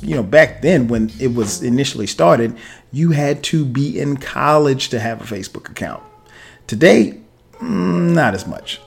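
A man in his thirties hosts a podcast and tells a personal story in a loose, chatty way, laughing often and breaking off into asides. His voice sits at an ordinary male pitch. Faint music plays underneath. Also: vocal fry. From South Carolina, US. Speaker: podcast host. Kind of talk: casual storytelling monologue.

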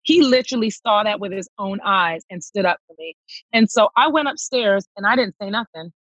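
A woman's voice: medium pitch, expressive, brisk, a bit bright, breathy edge, no echo, lo-fi sound. A woman, a touring singer, telling a personal story emphatically and acting out the dialogue. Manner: emphatic, reenacts dialogue, calls listener girl.

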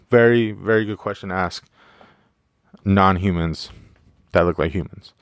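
Male podcast host, solo casual monologue: slightly low, smooth voice, dry close sound, loose and profane delivery. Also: a little slow, no room sound. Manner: rambling, profane, joking, many fillers.

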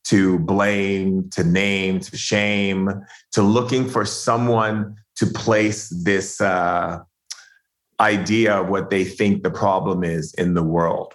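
A man hosting a conversation, effusive and enthusiastic with his guest. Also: low voice. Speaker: host. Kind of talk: conversational interview.

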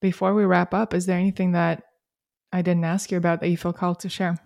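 A woman hosts an interview in a low, steady voice with little rise and fall. She affirms her guest softly before wrapping up. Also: fast talker, vocal fry. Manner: soft, affirming listener. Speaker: podcast host. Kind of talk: interview hosting.

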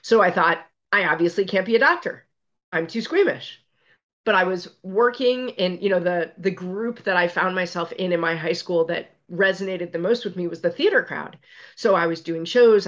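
A middle-aged woman, a physician and resilience expert, telling stories in an interview with an animated, self-deprecating way of talking. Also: fairly low pitch, moderate pace, dull audio. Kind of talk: conversational interview storytelling.

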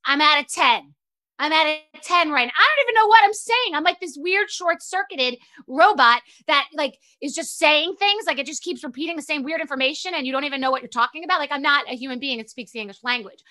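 A woman hosting a show, talking in a casual, animated, profane rant that mocks herself. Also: sits high, a little fast. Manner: animated, profane, self-mocking. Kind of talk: casual ranty monologue.

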